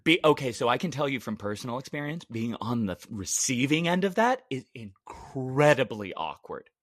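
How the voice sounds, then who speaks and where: Young male co-host, animated and jokey, dry close mic. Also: mid-range voice, a little fast, no room sound. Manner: lively, jokey storyteller. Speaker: podcast co-host. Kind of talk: casual chat.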